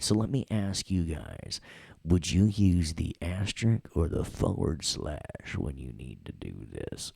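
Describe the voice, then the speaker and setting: Middle-aged New York man, playful software instructor, low voice with a gravelly edge. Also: dry recording, studio quality. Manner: playful, jokey, scats and hums along to the music. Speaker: audio workstation instructor. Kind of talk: casual screen-recorded lesson.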